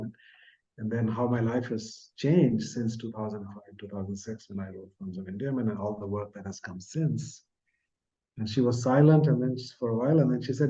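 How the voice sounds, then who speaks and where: Older guest from India, mellow earnest storyteller, muffled lo-fi audio. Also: male voice, mid-range voice. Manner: earnest, soft-spoken, trailing off at phrase ends. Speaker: podcast guest, author. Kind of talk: reflective storytelling in an interview.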